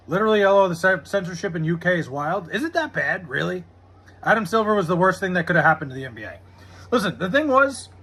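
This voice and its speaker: American male streamer, husky edge, sharp bright tone, loose foul-mouthed chatter. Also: high voice. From United States. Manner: loose and profane, lots of "like" fillers. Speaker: live streamer reading chat. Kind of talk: casual rambling chat.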